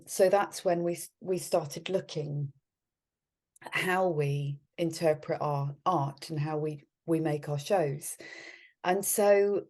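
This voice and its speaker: A woman guest in an interview, with a low, mellow voice. She talks in a friendly, easygoing way, often restarting her sentences and laughing. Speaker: guest, art curator.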